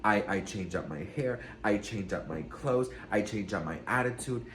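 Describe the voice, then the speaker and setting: A man's voice: fairly low pitch, animated, normal speed, a bit bright. A man hosting a casual celebrity gossip vlog, sassy and dramatic, swearing freely, recorded with room echo. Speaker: gossip vlogger.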